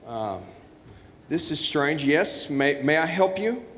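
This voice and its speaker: A man emcees a church Christmas show from the stage, playing flustered as he reads cards aloud. His voice sits a little high. The sound rings with long reverb in a big auditorium. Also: lively intonation, slow pace, a bit bright, a little hiss or hum. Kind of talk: comedic stage hosting.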